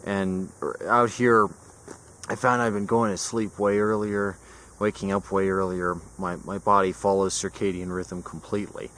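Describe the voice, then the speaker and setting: A man's voice: on the low side, flat delivery, moderate pace, a bit bright. A young man vlogging outdoors in a forest, talking into a camera in a rambling, sarcastic way and swearing freely. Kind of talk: casual vlog monologue. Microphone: camera mic.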